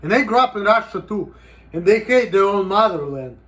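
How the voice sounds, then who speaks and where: High-voiced man rambling in a vlog. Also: expressive, brisk, a bit bright. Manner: rambling, profane, heavy use of "you know". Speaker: vlogger. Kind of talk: casual vlog monologue.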